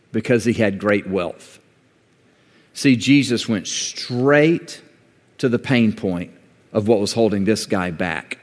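A male pastor delivering a sermon in a church, moving from calm teaching to high, shouted emphasis. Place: church sanctuary. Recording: long reverb of a large hall.

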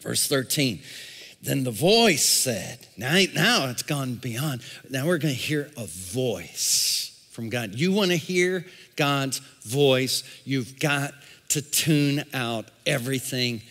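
A male pastor preaching a sermon, calling out to the congregation and swinging from shouts to a near-whisper. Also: mid-range voice, big pitch swings, slow pace. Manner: call-and-response preaching. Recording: long reverb in a large hall.

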